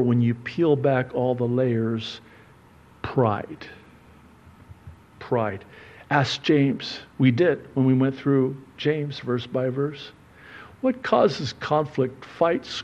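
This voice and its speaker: Slow, earnest preacher man, dull recording. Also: mid-range voice. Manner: conversational preaching with playful asides and acted-out quotes. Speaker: pastor. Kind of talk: sermon. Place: church sanctuary.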